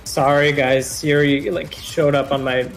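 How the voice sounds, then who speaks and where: A young man co-hosting a podcast, chatting casually in a relaxed, meandering way with frequent "like"s. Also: a little high, unhurried, vocal fry, faint music behind, low-quality recording. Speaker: podcast co-host. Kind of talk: casual chat.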